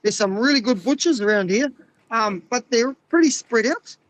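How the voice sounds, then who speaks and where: A man's voice: very high-pitched, expressive, moderate pace, a bit bright, no room sound, low-quality recording. An Australian man, a butcher and regular on a podcast, telling laid-back stories in a casual chat, swearing and trailing off as he goes.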